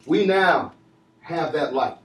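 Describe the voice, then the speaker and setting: A man preaching a sermon and calling for responses from the congregation, swinging between shouted lines and low asides. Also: expressive, slow pace. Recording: echoey church from far off.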